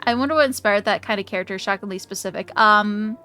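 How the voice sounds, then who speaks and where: A woman's voice: medium pitch, fast, pushed and bright, faint music behind. A young woman streaming a game, chatting casually in a rambling, profane, giggly way. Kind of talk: casual livestream gaming chat.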